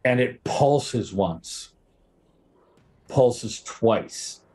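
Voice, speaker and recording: A man's voice: medium pitch, lively intonation, extremely slow, a little mellow. Man narrating as game master.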